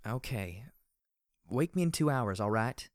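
A man voicing a caring young mare who speaks softly with concern. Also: mid-range voice, expressive, takes it slowly, no room sound, clean studio sound, pitched above the performer's own voice. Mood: worried. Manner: soft, concerned.

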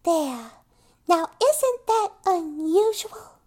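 A shy, sweet young woman, speaking in a very high, mousy New York accent. Her soft, timid voice swoops up and down in lively curves, and she takes her time with every word. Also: very slow, heavily acted. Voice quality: high and breathy.

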